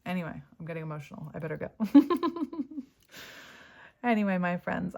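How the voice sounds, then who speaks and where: A woman's voice: mid-range voice, sing-song, measured pace, vocal fry, pauses often, darkish tone. A middle-aged woman giving a casual spiritual tarot reading, chatty, laughing often and filling her talk with "like". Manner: chatty, with frequent fillers and laughs. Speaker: tarot reader.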